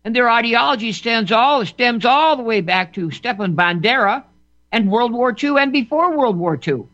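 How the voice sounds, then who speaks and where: A man's voice: very high voice, lively intonation, moderate pace, bright, forceful tone. A man giving an emphatic political monologue as a commentator, often repeating words and restarting phrases. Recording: dull lo-fi recording.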